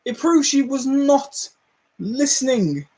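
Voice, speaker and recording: A man with a high, bouncy voice that swoops all over the place as he rants on a livestream. He laughs often and swears freely, his tone jumping between exasperation and amusement. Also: slow. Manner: animated ranting, laughing and swearing. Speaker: livestream host. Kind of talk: casual livestream chat.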